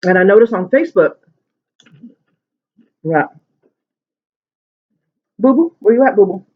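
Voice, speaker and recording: High-voiced man telling a rambling story. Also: expressive, unhurried. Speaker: mukbang vlogger. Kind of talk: casual chat while eating. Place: at home at the dinner table. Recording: muffled lo-fi sound.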